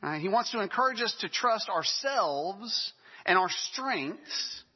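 A man's voice: high voice, expressive, takes it slowly, slightly rough, long reverb tail, lo-fi sound. A man preaching a sermon in a conversational way, with self-deprecating asides.

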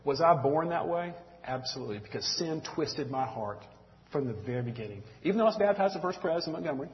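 A man's voice: a little high, animated, quick pace. A middle-aged man with a Southern US accent, from Mississippi, teaching a church group in a folksy, earnest, conversational sermon and calling listeners y'all. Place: church room with audience. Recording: dull lo-fi recording in echoey hall.

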